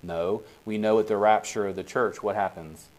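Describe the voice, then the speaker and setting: A man's voice: fairly low pitch, fairly even intonation, moderate pace, a little mellow. A man leading a casual Bible study, talking in a conversational way and often checking in with the group.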